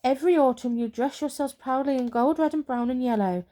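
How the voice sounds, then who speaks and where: A woman soft-voicing a proud fir tree in whispered role-play. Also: high-pitched, fairly quick, pitched above the performer's own voice, natural voice. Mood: boastful. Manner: grumbling, self-pitying. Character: proud boastful fir tree, later humbled.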